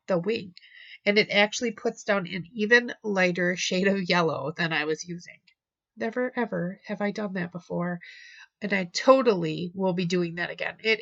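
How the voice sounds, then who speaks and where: Woman host, crafting voice-over, chatty and enthusiastic, mid-pitched voice, slightly muffled home recording. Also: fairly bright tone. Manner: chatty and enthusiastic, with fillers and restarts. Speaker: card-making channel host.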